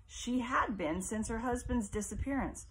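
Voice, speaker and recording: A woman reading a novel aloud as audiobook narration in a measured, expressive way. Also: a little high, a little hiss or hum. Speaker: audiobook reader.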